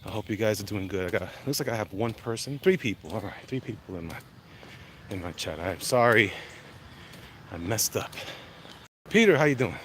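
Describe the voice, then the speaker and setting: A man chatting casually on a livestream while walking briskly outdoors, a bit out of breath, greeting viewers by name as he rambles. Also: on the low side, lively intonation, fairly bright tone, a little hiss or hum. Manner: reads chat names aloud, greets viewers, rambling. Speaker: comic artist livestreaming. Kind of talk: casual live-stream chat while walking. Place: outdoors walking through a neighborhood.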